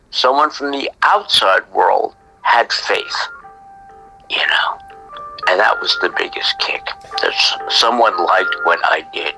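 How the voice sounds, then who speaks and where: A middle-aged man, a graffiti artist, telling stories from his past in a chatty way that often sinks into a breathy whisper. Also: mid-range voice, pushed and bright, no room sound, low-quality recording. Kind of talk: casual storytelling interview.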